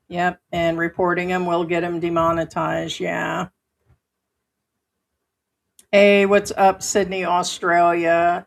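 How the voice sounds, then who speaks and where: A woman hosting a casual live stream from home, talking bluntly and swearing freely as she reads viewer comments. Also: lowish voice.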